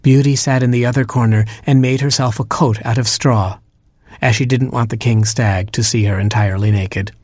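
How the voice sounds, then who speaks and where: A man narrating a comic fairy tale in a wry, deadpan way. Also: mid-range voice, moderate pace, no echo, studio quality. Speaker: storyteller. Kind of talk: scripted narration.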